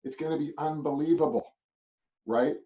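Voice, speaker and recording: Animated man coaching over a muffled call. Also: on the high side, normal speed, recorded from a distance. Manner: animated, storytelling, many restarts and "right?". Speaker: real estate business coach. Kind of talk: motivational business talk. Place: a web call. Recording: muffled audio from off mic.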